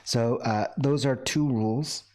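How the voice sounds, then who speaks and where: A man's voice: medium pitch, unhurried, darkish tone, slight background noise. A man teaching an online English class, patient and repetitive, often checking in with "right?" and slipping in Korean words for his students. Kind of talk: recorded online class lecture.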